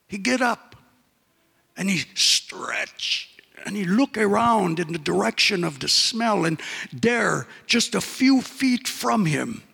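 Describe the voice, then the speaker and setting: Male storyteller, folksy, gravelly and bright-toned, unhurried. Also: sits high, big-room sound. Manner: folksy, with frequent "eh?" asides. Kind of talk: folk tale storytelling.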